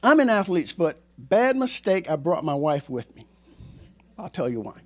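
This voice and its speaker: His voice a little high and his delivery moderately paced, this sixty-something ex-teacher and coach shares a true tale with a live audience. He's animated and humorous, often mocking himself.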